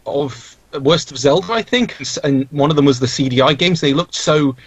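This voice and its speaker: A man's voice: a little high, moderate pace, slightly rough, no echo. A young man, a podcast guest, talking casually and rambling with many restarts and fillers. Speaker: podcast guest, video creator. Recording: dull, dry lo-fi mic.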